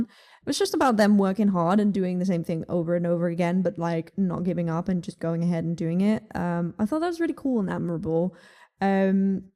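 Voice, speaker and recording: A young woman with a Dutch accent chats through her music picks with a mellow, warm tone. She rambles loosely, filling gaps with ums and likes and the odd swear word. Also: mid-range voice. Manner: chatty, lots of ums and likes, laughs often, casual swearing. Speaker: music vlogger. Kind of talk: casual music review chat.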